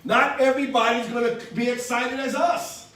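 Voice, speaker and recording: A man leading an energetic sales training for a live audience in a meeting room, acting out phone calls to show how it is done. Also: extremely high pitch, normal speed. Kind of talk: motivational training talk. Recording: echoey room from far off.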